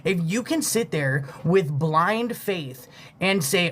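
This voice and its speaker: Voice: mid-range voice, animated, takes it slowly, fairly bright tone. Heartfelt, loosely rambling live reader. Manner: loose, heartfelt, swears freely, heavy filler "like"; thanks viewers for gifts mid-reading. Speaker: livestream spiritual reader. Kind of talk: casual live-stream intuitive reading.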